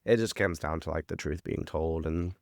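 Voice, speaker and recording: A man's voice: rumbling low, moderate pace, vocal fry, no room sound, studio quality. A man co-hosting a podcast, recapping a TV episode in rambling casual chat full of fillers and swearing.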